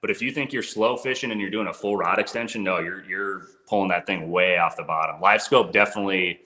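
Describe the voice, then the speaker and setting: Laid-back low-voiced fishing guide, echoey. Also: male voice, fairly quick, bright, forceful tone. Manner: laid-back, says "dude" and "bro". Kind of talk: casual gear talk.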